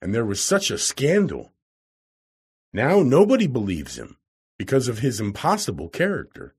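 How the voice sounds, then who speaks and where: A man's voice: medium pitch, wildly swooping pitch, moderate pace, slightly rough, full character voice. A man doing a skeptical scientist friend.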